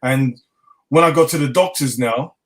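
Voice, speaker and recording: A man's voice: mid-range voice, moderate pace. A middle-aged man with a London accent, telling his story in a casual interview and acting out the dialogue. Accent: London English. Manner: animated, acts out dialogue, laughs often. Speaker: chef and interview guest.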